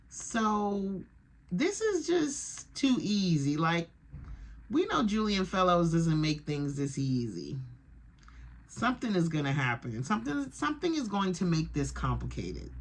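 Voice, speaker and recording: A woman's voice: fairly low pitch, very animated, unhurried. Brief: woman reaction vlogger, chatty, opinionated, rambling recap. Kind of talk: casual episode recap.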